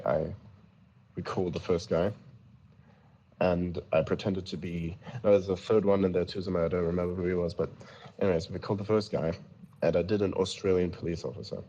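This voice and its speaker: In a voice chat, a man with a deep, warm voice casually tells prank-call stories on a muffled recording. He rambles, chuckles, and stammers through restarts.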